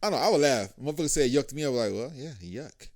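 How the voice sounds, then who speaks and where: A man's voice: fairly high pitch, lively intonation, racing, a little mellow. A man in his thirties co-hosting a casual podcast chat, loose and profane, laughing often. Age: 30s. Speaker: podcast co-host.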